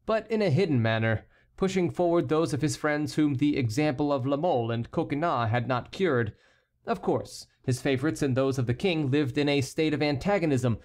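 A man giving measured, steady scripted narration of a classic novel as an audiobook narrator. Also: on the high side.

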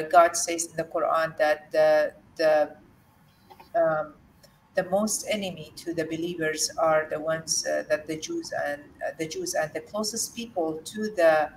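A woman from Jordan, a guest in an interview, telling a personal story in an earnest, halting way with many fillers and restarts. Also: deep voice, slight background noise. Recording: distant mic with faint room ambience.

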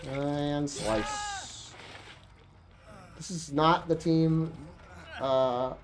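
A woman streamer talking to herself through a game, profane and animated, thinking aloud. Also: deep voice, extremely slow, noisy background. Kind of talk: gaming livestream commentary.

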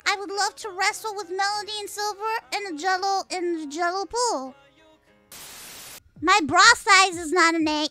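A woman's voice: very high-pitched, a little fast, pushed and bright, faint music behind. A young woman streaming live, hyper and playful, with squealing outbursts and lots of swearing. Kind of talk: casual live-stream chat.

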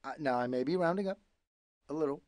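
A woman's voice: a little high, big pitch swings, extremely slow, background noise, full character voice. A woman voicing a pushy, whiny cartoon pigeon in a game, wheedling and bargaining with big dramatic outbursts. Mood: pleading. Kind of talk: animated game character voice.

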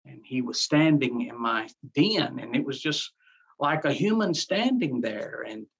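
A man's voice: mid-range voice, lively intonation, unhurried, vocal fry, a bit bright, breathy edge. A man, a pastor, telling his life story in an interview in an earnest way, repeating phrases and acting out his own past words. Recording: dull lo-fi sound.

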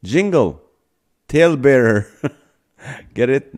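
A livestream host reads viewer comments aloud in a playful, easygoing chat, laughing often. He speaks at medium pitch, animated but slow, with long pauses, picked up by a phone or camera mic.

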